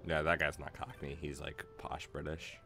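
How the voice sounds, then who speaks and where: A man's voice: rumbling low, little pitch movement, moderate pace, bright, forceful tone, faint music behind. A man streaming a game, chatting casually in a rambling, hesitant way full of fillers. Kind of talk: casual let's-play chat.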